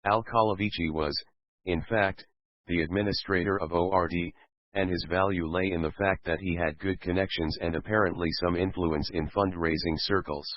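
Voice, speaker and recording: A man with a very low voice reads a fan fiction story aloud at a steady pace. The recording is dull and lo-fi, and dry, with no room sound. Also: normal speed, no echo. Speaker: narrator.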